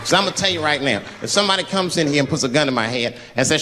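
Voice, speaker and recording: A man's voice: a little high, very fast, few pauses, soft background music. A man doing stand-up comedy, telling a story and acting out the people in it. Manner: animated, acts out every character.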